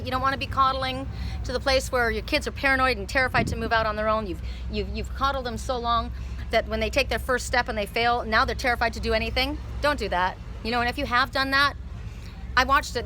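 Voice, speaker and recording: A woman's voice: a little high, sharp tone, slight background noise, rough recording. A woman giving a casual tarot reading outdoors near a street, emphatic and repeating herself. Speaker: tarot reader.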